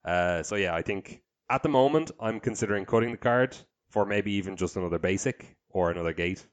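Deep-voiced man talking card strategy. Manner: measured, thinks aloud with hesitations. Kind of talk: casual card-game strategy chat.

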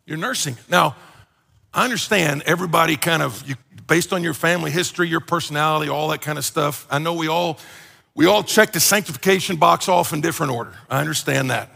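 Gravelly high-voiced preacher man. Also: fast talker, big-room sound. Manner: animated, joking, acts out everyday quotes. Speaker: pastor. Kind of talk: conversational sermon.

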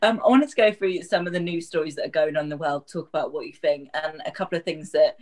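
A woman's voice: low voice, quick pace, darkish tone. A woman hosting a casual podcast interview, asking questions full of fillers and "like". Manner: filler-heavy, lots of "like". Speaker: host.

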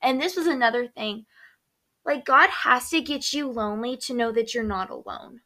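A woman's voice: a little high, normal speed, bright, forceful tone. A young woman hosting a casual faith podcast, chatty and upbeat, saying "like" a lot. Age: young adult. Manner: chatty, heavy use of "like", upbeat. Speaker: podcast host.

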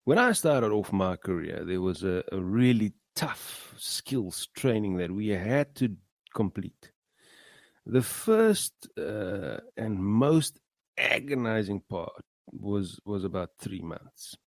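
A man's voice: fairly low pitch, very animated, slow pace, dry recording. A man hosting a show, giving an earnest motivational talk full of fillers and repeated words. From South Africa. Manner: earnest, rising emphasis on key phrases. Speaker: podcast host. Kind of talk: motivational monologue.

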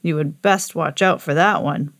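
A woman's voice: low-pitched, normal speed, voice pushed down, lightly acted. A woman voicing a drowsy, hard-of-hearing old male moon in a storybook who mishears things.

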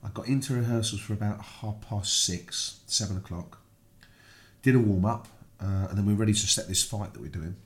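A British man, a guest, telling a story in casual conversation, animated, acting out the voices he quotes. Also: fairly quick. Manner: animated, acts out quoted voices with big pitch jumps.

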